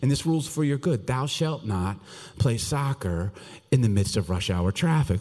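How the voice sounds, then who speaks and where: A middle-aged man preaching a sermon to his congregation, swinging between loud, animated stretches and hushed passages. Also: medium pitch, moderate pace. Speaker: pastor. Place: large church hall. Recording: long hall reverb.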